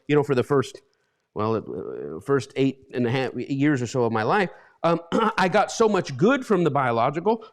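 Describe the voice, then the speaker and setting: Male pastor, middle-aged, high voice, rambling sermon, repeats himself. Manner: rambling, repeats words, emotional. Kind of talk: informal sermon.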